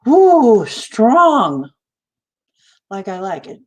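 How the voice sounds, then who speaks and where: Low, slow-talking woman livestream host. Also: sing-song, a little mellow. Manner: chatty, laughs often, greets viewers by name. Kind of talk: casual chat with live viewers.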